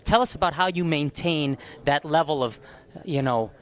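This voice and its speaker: A man's voice: fairly high pitch, moderate pace. A man interviewing athletes after a competition, upbeat and playful in his questions. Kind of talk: post-competition sports interview. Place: competition arena.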